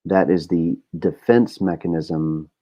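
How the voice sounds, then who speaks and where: A man's voice: sits low, slow pace, mellow. A middle-aged man hosting a podcast, talking in a candid, rambling way with lots of fillers and swearing. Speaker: podcast host. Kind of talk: casual monologue.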